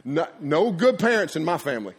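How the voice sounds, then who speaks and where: A middle-aged man preaching to a congregation in a high, bright voice. He tells folksy stories with plenty of energy. He breaks into laughter and sound effects as he goes. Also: brisk, slightly rough. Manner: folksy, animated, laughs at his own stories, acts out sounds. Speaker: pastor. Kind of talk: energetic sermon storytelling. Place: church before a congregation.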